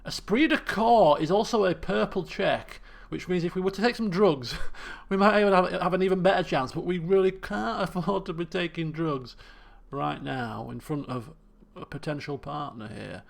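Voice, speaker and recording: A man commenting as he plays a game, animated, laughing and muttering to himself as he thinks. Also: sits high, normal speed, vocal fry, hardly any pauses. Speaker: let's play host. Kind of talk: gameplay commentary.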